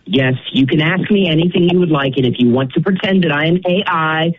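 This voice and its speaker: A man's voice: a little high, a little fast, phone-quality sound, a little hiss or hum. A man working a hotel front desk, answering the phone politely and growing incredulous. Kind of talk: phone conversation.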